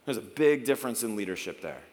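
A middle-aged man preaching a sermon in a chatty, animated way, often acting out little exchanges. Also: fairly low pitch, fast talker. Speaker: pastor. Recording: long hall reverb.

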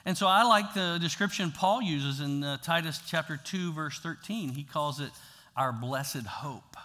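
A pastor preaching a sermon in a casual, talky way, swinging from loud to hushed. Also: male voice, on the high side, a little slow. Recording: long hall reverb.

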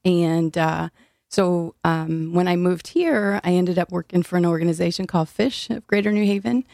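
Low-voiced older woman, guest interview. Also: fairly even intonation, normal speed, gravelly, mellow, dry recording, clean studio sound. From Illinois. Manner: earnest, frequent fillers, laughs easily. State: slightly out of breath. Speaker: city food policy director, guest. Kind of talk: interview conversation.

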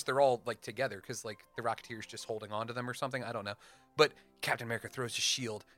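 A young man co-hosting a casual podcast, animated and playful, building up dramatic fan crossover stories. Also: medium pitch, no room sound. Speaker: podcast co-host.

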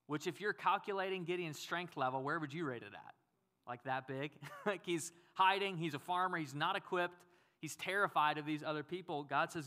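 Bright-voiced preacher man. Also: on the high side, fairly quick. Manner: conversational, acts out quotes, asks the audience questions. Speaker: pastor. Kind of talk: sermon.

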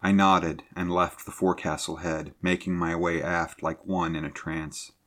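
Deep-voiced man narrating a sea story. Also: little pitch movement, normal speed, fairly bright tone.

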